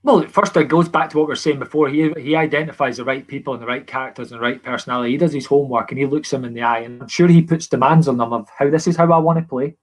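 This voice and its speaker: A man's voice: medium pitch, fairly even intonation, racing, hardly any pauses. A man with a Scottish accent, a former footballer as podcast guest, telling stories earnestly with many restarts. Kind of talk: casual podcast chat.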